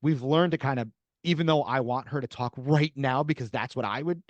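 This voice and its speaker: A middle-aged man on a podcast, telling stories lively and acting out both sides of a conversation. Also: mid-range voice, brisk, dry recording, muffled recording. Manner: animated storyteller acting out dialogue. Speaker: podcast guest, author. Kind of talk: casual interview conversation.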